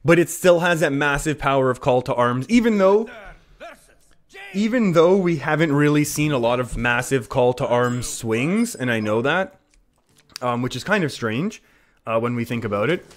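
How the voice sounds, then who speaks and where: A man's voice: mid-range voice, expressive, moderate pace. A man live-streaming a card game, talking through his plays in a chatty way and often laughing.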